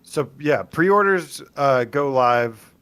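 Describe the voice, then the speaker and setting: Chill co-host dude, smooth clear voice, laughs a lot, says like and um all the time. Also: male voice, mid-range voice, lively intonation, slow, a bit bright, dry recording. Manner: laid-back, laughs often, trailing 'like' and 'um'. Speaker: podcast co-host. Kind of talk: casual livestream chat.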